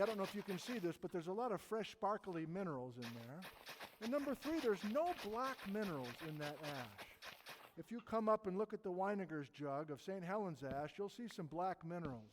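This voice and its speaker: A man's voice: sits high, long reverb tail, noisy background. A man in his fifties giving an informal geology talk, telling stories enthusiastically with chatty, self-deprecating asides. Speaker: geologist lecturer.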